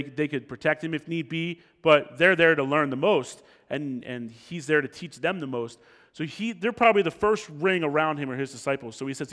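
A man preaching an expository sermon, animated, acting out the crowd's lines and dropping low and slow for quotes. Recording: long reverb of a hall.

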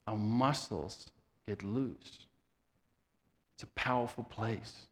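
A man delivers a sermon at a slow, deliberate pace, repeating his lines. His voice swings between loud emphasis and soft, breathy near-whispers. A long reverb trails each phrase, as in a large hall. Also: lowish voice. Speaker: preacher.

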